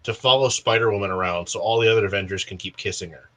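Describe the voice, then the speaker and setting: A man's voice: on the low side, fast talker, fairly bright tone, highs cut off. A man chatting casually on a live stream call, rambling cheerfully and laughing often. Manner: chatty, giggly, rambling asides.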